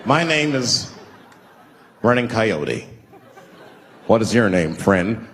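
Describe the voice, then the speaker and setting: A man doing a slow, grave Native American man. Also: fairly low pitch, very animated, a bit bright, pitched below the performer's own voice, exaggerated voice. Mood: solemn.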